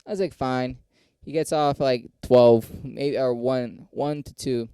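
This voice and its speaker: A young man hosting a podcast, a comedian rambling profanely about the comedy scene and acting out quotes in a higher voice. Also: fairly even intonation, takes it slowly, warm tone, smooth, no echo. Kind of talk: casual podcast monologue.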